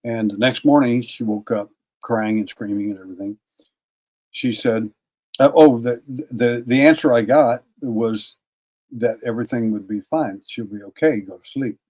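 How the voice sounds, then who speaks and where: An older man, a guest on an interview, telling a long personal story in a folksy, casual way, often repeating words and clearing his throat. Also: medium pitch, moderate pace, darkish tone. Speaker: interview guest, paranormal investigator.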